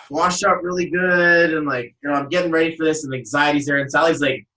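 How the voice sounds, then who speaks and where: A man's voice: on the high side, a little fast. A man hosting a podcast, telling a personal story in casual chat and acting out what people said. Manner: animated storyteller who acts out quotes. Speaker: podcast host. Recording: roomy echo, voice a little far off mic.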